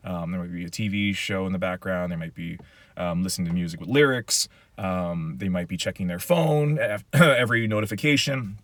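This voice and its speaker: Low-voiced pastor, chatty and casual. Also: male voice, normal speed, no room sound. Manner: animated, chatty, says "okay?" often. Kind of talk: casual Q&A chat.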